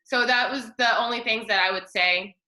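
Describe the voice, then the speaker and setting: Bright-voiced chatty woman on a video call. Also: on the high side, normal speed, a little hiss or hum, rough recording. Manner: chatty, animated, quotes others often. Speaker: sign language student. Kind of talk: casual peer feedback chat.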